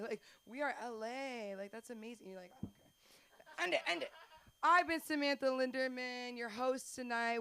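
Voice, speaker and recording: A woman's voice: fairly high pitch, fairly bright tone, clean tone. A woman hosting an open mic comedy night, gushing with enthusiasm between acts. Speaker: host. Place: comedy club stage.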